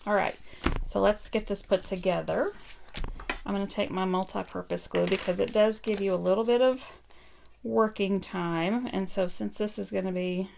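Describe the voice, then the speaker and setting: A woman's voice: mid-range voice, steady tone, normal speed, gravelly, a little mellow, a little hiss or hum. A woman casually demonstrating card making on a live stream, thinking aloud with frequent ums and asides to viewers. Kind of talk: casual live craft tutorial.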